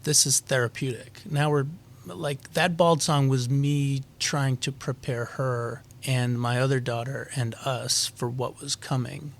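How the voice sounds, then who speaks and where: A man in his forties talks through his family story with candor and some reflection, his voice a little gravelly. His pitch sits at an everyday middle level for a man. The setting is a relaxed conversational interview. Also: measured pace. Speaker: guest musician.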